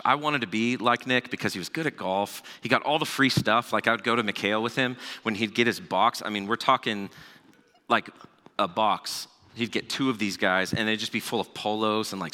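A man in his thirties preaching a sermon, telling a personal story in a relaxed conversational way with asides. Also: lowish voice. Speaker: pastor. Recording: long hall reverb.

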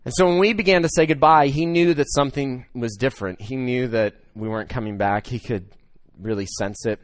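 A man in his thirties preaching a sermon, telling a personal story that swings between loud excitement and hushed emotion. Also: mid-range voice, a little fast, no echo, clean studio sound. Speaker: pastor.

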